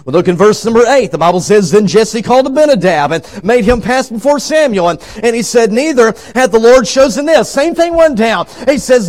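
Man, high-pitched evangelist, revival sermon, dramatic volume swings, voices the story characters. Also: expressive, fairly quick, few pauses. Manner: swings from loud shouting to hushed low tones. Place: church sanctuary.

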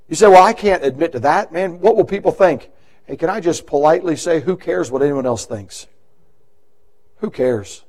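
A man preaching a sermon as pastor, earnest and pleading, swinging from loud passages to hushed invitations. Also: on the high side, animated, moderate pace, pauses often, poor audio. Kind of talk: sermon with altar call.

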